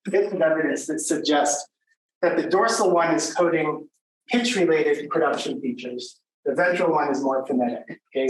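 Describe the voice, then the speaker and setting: A man giving an academic lecture in a conversational way, with many fillers and restarts. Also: on the high side. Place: workshop lecture room. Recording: echoey room from a distant mic, faint noise.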